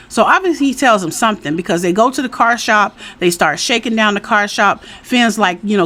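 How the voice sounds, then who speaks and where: A woman's voice: medium pitch, animated, a little fast, fairly bright tone. A woman giving a casual, chatty recap of a TV episode, retelling scenes in her own words. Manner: chatty, retells scenes with quoted dialogue, frequent "you know". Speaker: TV recap host.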